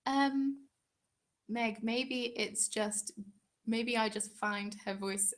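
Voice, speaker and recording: A woman's voice: on the high side, very slow. Chatty giggly English woman. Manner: chatty, giggly, rambling with fillers. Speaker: crafting channel host. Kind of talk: casual live stream chat, reading viewer comments.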